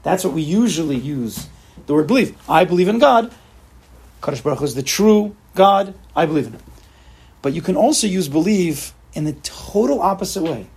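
A man's voice: on the high side, expressive, brisk, a little mellow, slightly rough. A man giving a casual spoken Torah class, asking rhetorical questions, often restarting phrases and mixing in Hebrew terms.

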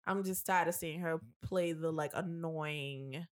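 A woman's voice: sits low, steady tone, measured pace. A woman co-hosting a casual chat, telling stories animatedly with frequent laughter.

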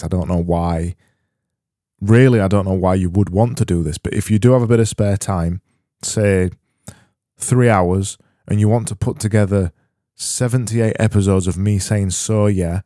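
A man hosting a solo comedy podcast, rambling in a deadpan, self-deprecating way with frequent restarts. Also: on the low side, no echo, studio quality. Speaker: podcast host.

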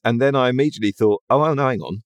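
A man co-hosting a casual chat, lively and teasing, thinking aloud as he goes. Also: medium pitch, racing, no room sound.

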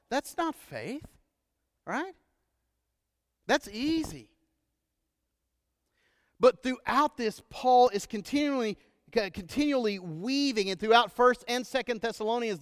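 A Texan-accented man preaches in a conversational way, stepping into casual asides and doubling back on his phrases. His voice sits high and sounds smooth and resonant. It is close and dry, with a long hall tail behind it in a church sanctuary. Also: fairly bright tone. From Texas. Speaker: pastor. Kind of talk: sermon.

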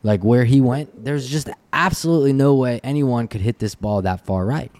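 Speaking in a mid-range voice at a moderate pace, this male podcast host spins an animated, relaxed story and breaks into laughter frequently.

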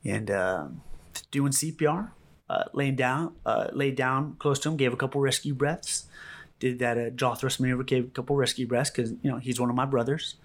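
A man, a rescue medic, giving a calm first-hand account in an interview, halting and full of fillers and repeats. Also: medium pitch.

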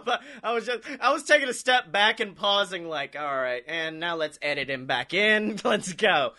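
A man's voice: sits high, expressive, moderate pace, pushed and bright. A man co-hosting a podcast, telling rambling, profane stories with lots of laughter and acted-out quotes. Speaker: podcast co-host. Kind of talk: casual storytelling chat.

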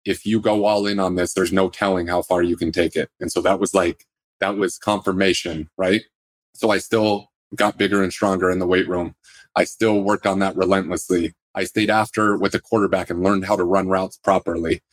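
A man, a former pro football player, calmly recounting his career as a podcast guest in a plainspoken, steady way. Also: low-pitched, moderate pace, no room sound. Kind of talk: casual storytelling interview.

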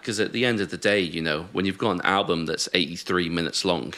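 A man co-hosting a music podcast, chatting casually and thinking aloud in a relaxed way. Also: sits low, a little fast. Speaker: podcast co-host. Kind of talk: casual chat.

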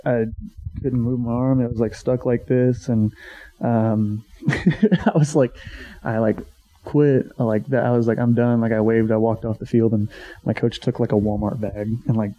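A man in his twenties, a former college pitcher, casually telling a story, swearing freely and acting out what he once said. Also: level tone, moderate pace, mellow. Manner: swears freely, acts out his own past remarks. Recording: dull lo-fi sound.

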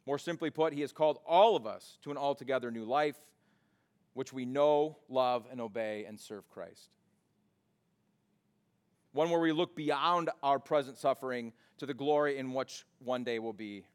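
A man preaching a sermon in a church, mixing scripture with casual storytelling and animated retellings. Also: mid-range voice, normal speed, smooth. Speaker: pastor. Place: church sanctuary.

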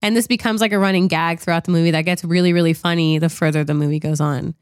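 Chatty woman with a smooth low voice. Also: steady tone, quick pace, dry recording, clean studio sound. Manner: chatty, laughs often, acts out quotes with a swear. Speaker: podcast co-host. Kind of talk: casual chat reviewing a film.

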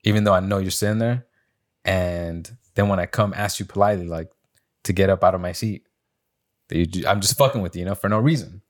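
A man's voice: low-pitched, a little fast. A young man on a podcast, casually telling a story, acting out quotes in a raised voice and swearing often. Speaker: podcast co-host. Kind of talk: casual storytelling among friends.

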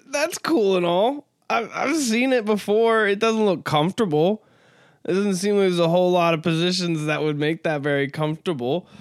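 A man's voice: fairly high pitch, clean tone, no room sound, clean studio sound. A man hosting a comedy podcast, talking casually in a rambling, crude, joking way with lots of fillers. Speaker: podcast host.

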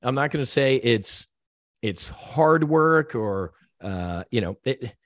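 A man's voice: mid-range voice, lively intonation, slow pace, fairly bright tone, dry recording. A man guest on a podcast, telling a personal story in an earnest, heartfelt way, with many restarts and repeated words.

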